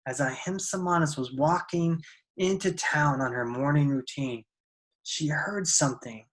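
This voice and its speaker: A storyteller telling a fable in a soft, unhurried, conversational way. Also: mid-range voice, poor audio. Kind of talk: oral storytelling, casual.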